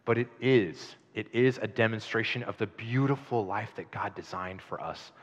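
A male pastor preaching a sermon in a conversational, animated way, with chatty asides to the congregation. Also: fairly low pitch, moderate pace, a little hiss or hum. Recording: dull sound in a long-reverb hall.

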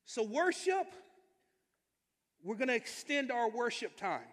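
A male pastor preaching a sermon with energetic, emphatic delivery and calls for amens to the congregation. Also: very high voice, slow. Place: church sanctuary. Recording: long hall reverb.

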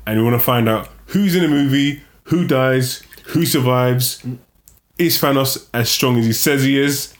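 A man's voice: medium pitch, moderate pace. A man hosts a casual podcast in an ordinary mid-range voice. He rambles a little and trips over his words, then winds down with a friendly, upbeat goodbye. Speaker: podcast host. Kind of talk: casual chat.

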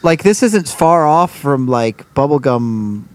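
A man's voice: fairly high pitch, expressive, slow pace, darkish tone. A man co-hosting a casual podcast who talks in a loose, joking way, with some swearing. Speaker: podcast co-host. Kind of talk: casual chat.

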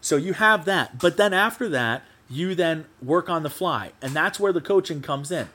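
A man's voice: on the high side, lively intonation, moderate pace, bright, forceful tone. A man hosting his own sports podcast, ranting animatedly and swearing casually in a solo monologue. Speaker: podcast host.

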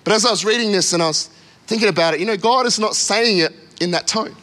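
A man's voice: high voice, quick pace, sharp tone. A man preaching a sermon as a pastor, with frequent "come on" interjections and acted-out quotes. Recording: long hall reverb.

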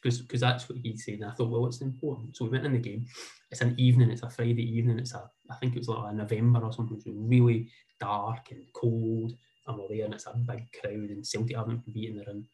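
A man's voice: mid-range voice, level tone, fast, dark tone, low-quality recording. A Scottish man in his forties telling a heartfelt personal story in a rambling, earnest way, often repeating words. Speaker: speaker sharing a personal story.

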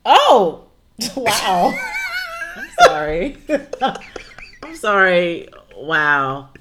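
Slow-talking, expressive woman co-host. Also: lowish voice, noisy background. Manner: expressive, quick reactions, laughs often. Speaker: podcast co-host. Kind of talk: casual chat.

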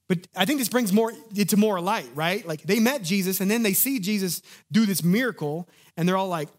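A man preaching a sermon in an animated, conversational way, acting out the lines of the people in his story. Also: sits high, brisk, hardly any pauses. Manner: animated, conversational, acts out quotes. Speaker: pastor.

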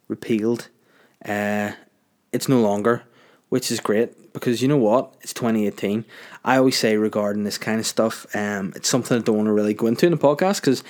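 A Northern Irish man hosts a podcast alone, talking off the cuff in a casual, ranting monologue. His voice sits a little low, and he often breaks off mid-word to restart his sentences. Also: fairly quick, a little mellow. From Northern Ireland. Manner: rambling, ranting, self-interrupting. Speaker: podcast host.

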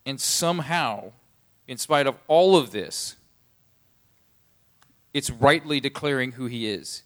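A man's voice: medium pitch, expressive, slow. Man preaching a conversational sermon. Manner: conversational preaching, rising emphatic on key lines. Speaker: pastor.

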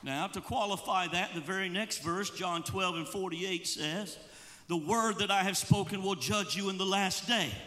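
A male evangelist preaching a sermon, impassioned, rising into shouts and sung, chanted phrases. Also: sits high, moderate pace, big-room sound. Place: church sanctuary.

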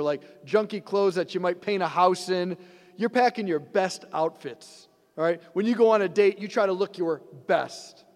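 Priest preaching in a reverberant church. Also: male voice, high voice, darkish tone. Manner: conversational preaching with rhetorical questions. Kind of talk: sermon.

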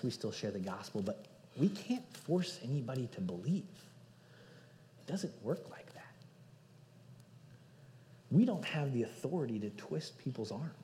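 A man preaching a sermon as pastor, earnest, moving between loud emphasis and hushed passages. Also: fairly low pitch, slight background noise. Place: church sanctuary. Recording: hall reverb.

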